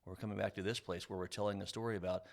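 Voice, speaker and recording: Man, very low voice, gravelly, middle-aged, emphatic motivational podcast talk. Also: steady tone, very fast. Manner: emphatic, motivational, builds to fervent bursts. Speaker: podcast co-host. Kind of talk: casual conversation.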